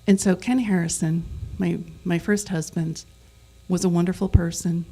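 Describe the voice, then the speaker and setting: Creaky-voiced woman giving a sermon. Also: on the low side, fairly even intonation, normal speed, mellow. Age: middle-aged. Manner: leads the congregation in call-and-response repetition; conversational, with self-corrections. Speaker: guest speaker.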